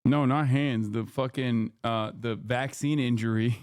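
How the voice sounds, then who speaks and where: Crisp, dry-voiced man streaming. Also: medium pitch, steady tone, measured pace, a little mellow, no echo. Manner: profane, joking, talks over a playback. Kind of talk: live stream reaction commentary.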